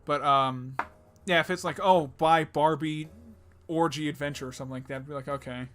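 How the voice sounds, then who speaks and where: A man's voice: on the high side, steady tone, moderate pace, fairly bright tone, faint music behind. A young man co-hosting a podcast in loose, jokey casual chat, swearing freely and slipping into silly voices. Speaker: podcast co-host.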